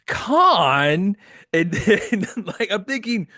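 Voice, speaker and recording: A man hosting a casual podcast chat, excitable, laughing often and quoting lines. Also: mid-range voice, a little slow, dry recording, clean studio sound. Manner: excitable, laughs often, quotes the film in character. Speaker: podcast host.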